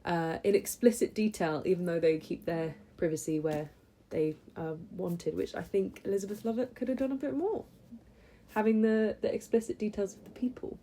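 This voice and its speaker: A woman's voice: mid-range voice, normal speed, mellow. A young woman talking through books she read in a chatty, enthusiastic vlog, with lots of ums and restarts. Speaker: book vlogger. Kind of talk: casual book review chat.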